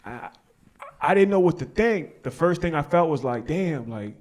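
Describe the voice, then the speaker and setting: A young American man on stage doing stand-up crowd work in a slightly high voice. He talks in loose, slangy bursts and breaks into laughter at his own lines, with the audience laughing around him. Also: animated, moderate pace, a little mellow. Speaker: stand-up comedian and host. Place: small outdoor alley show with an audience. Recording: live show, crowd laughter behind.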